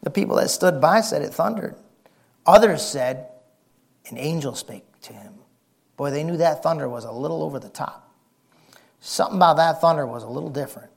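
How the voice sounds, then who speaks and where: Man, preacher, excitable folksy sermon, slightly high voice, gravelly. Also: brisk, pauses often. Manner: excitable, shouts and whispers for effect.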